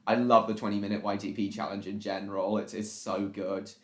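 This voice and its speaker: A man's voice: fairly low pitch, flat delivery, brisk. A man hosting a casual reaction live stream, rambling and repeating himself as he greets viewers in the chat. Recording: echoey room.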